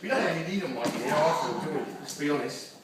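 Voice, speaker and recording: A man's voice: on the high side, expressive, fast talker, very noisy. An older man doing a crude, boisterous stand-up set, bantering with the crowd in a club. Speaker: stand-up comedian headliner. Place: comedy club stage. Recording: echoey club from far off with loud crowd. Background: audience laughing.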